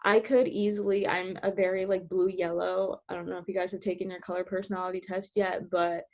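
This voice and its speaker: Bubbly fast-talking woman coaching on a call. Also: fairly low pitch, level tone, a little mellow. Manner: bubbly, giggly, filler-heavy with many "like"s; talks fast. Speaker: team trainer sharing sales tips. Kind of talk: casual coaching talk.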